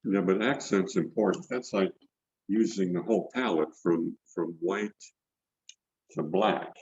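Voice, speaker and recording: An older painting instructor speaks unhurriedly on a video call from his studio, talking loosely and repeating words while painting. His low voice is creaky, a little mellow, and slightly rough. The recording is dry, with the call mic cutting the highs.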